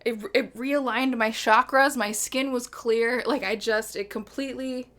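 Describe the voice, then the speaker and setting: A woman's voice: fairly high pitch, steady tone, measured pace, a bit bright. A woman hosting a live music stream, chatting in a bubbly, giggly, rambling way between songs. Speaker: host and singer-songwriter. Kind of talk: casual livestream chat between songs.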